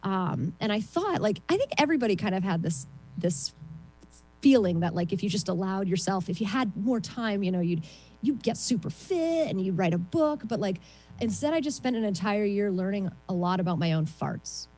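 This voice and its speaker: Lady doing standup on a video call, shrill-ish voice, rambly and self-mocking, lots of ums. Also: animated, moderate pace, a little mellow, low-quality recording. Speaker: stand-up comedian.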